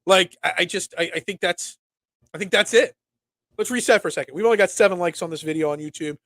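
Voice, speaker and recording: Young philly guy riffing on sports by himself, high voice, dry close sound, keeps restarting sentences. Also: fast, no room sound. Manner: rambling, animated, lots of restarts and filler. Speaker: sports show host. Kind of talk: casual solo sports talk livestream.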